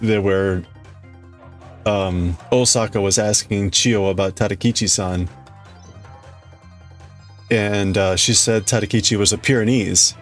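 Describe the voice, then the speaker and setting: A man hosting a livestream, chatting casually and rambling with his viewers, often restarting his sentences. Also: on the low side. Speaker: livestream host. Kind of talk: casual chat with live chat.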